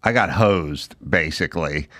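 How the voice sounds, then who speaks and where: In casual podcast chat, a middle-aged host spins a story with animation, voicing the people he quotes. He speaks low-pitched and unhurried.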